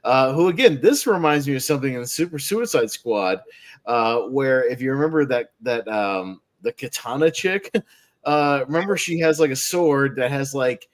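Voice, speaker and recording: Man, podcast panelist, casual rambling movie recap, laughs often, middle-pitched voice. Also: lively intonation, normal speed.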